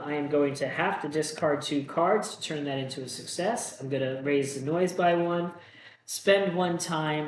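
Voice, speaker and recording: A man hosting a solo board game playthrough, reading the story text aloud and then thinking out loud about his moves in a casual, self-deprecating way. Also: on the high side, reverberant, a little hiss or hum, rough recording.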